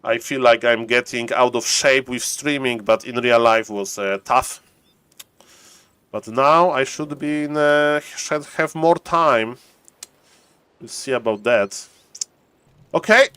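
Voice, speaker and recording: A man giving chatty, excitable live commentary on a strategy game stream, laughing often and restarting his phrases. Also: mid-range voice, slow, pauses often, smooth, no room sound.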